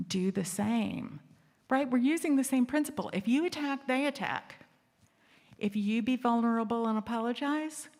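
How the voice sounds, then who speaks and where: Woman hosting a humorous talk in a hall. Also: high-pitched. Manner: candid and humorous, asks the audience questions. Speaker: assembly host. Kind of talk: storytelling talk to a live audience. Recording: reverberant hall.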